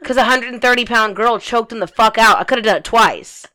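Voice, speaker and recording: A woman's voice: fairly high pitch, fairly quick, pushed and bright. Young woman, casual chat, blunt storyteller, swears a lot, filler words. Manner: blunt storytelling, swears freely, many likes. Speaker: co-host telling a story.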